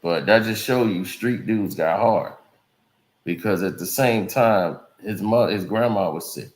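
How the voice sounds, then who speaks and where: A man's voice: fairly low pitch, unhurried. A man hosting a commentary show, talking in loose, rambling street slang. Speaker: commentary channel host. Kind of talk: casual commentary. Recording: roomy echo.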